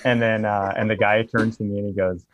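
A man's voice: lowish voice, little pitch movement, a little fast, slight background noise. A man who owns a bar, telling a long, profanity-laced anecdote in casual chat. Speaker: bar owner. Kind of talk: casual storytelling.

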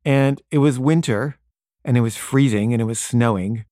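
A man's voice: normal speed, no room sound, studio quality. A man in his thirties casually telling a personal anecdote, acting out the dialogue as he goes. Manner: casual, animated, acts out dialogue with rising pitch. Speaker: storyteller.

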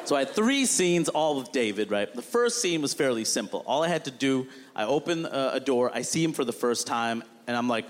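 Animated stand-up comedian in a reverberant hall. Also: male voice, medium pitch, a little fast, hardly any pauses. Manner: animated, exasperated, acts out quotes. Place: live comedy stage. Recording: long hall reverb with audible room ambience. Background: audience laughter.

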